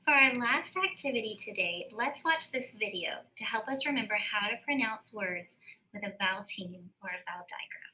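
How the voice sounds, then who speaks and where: Bright-voiced woman teaching phonics. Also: mid-range voice, expressive, rough recording. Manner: slow, careful sounding-out of words. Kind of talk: recorded phonics lesson.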